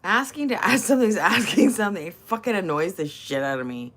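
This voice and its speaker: Lively, bright-voiced older woman streamer. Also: mid-range voice, quick pace. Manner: crude, teasing, laughs often, swears freely. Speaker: livestreamer reading chat. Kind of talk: casual livestream chat.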